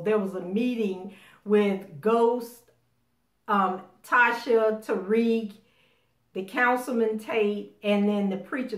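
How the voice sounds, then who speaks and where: Woman recapping a TV episode, animated storyteller. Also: medium pitch. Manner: animated storytelling that acts out characters' lines. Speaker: TV show recapper. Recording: roomy echo.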